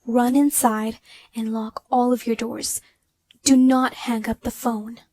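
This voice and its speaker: A woman doing an anxious young girl on the phone, high voice. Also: level tone, slow, dry recording. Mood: frightened. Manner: anxious, stammering, rising to panicked shouts.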